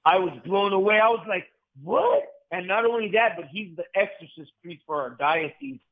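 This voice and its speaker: A man's voice: high voice, fairly quick. Intense man on a tinny phone line. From Southern California. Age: 40s. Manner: intense, repetitive, calls the host bro. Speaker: guest. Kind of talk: casual storytelling conversation.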